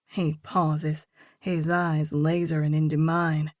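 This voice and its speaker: A woman narrating a first-person audiobook in a steady, measured reading voice. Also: deep voice, no echo, studio quality.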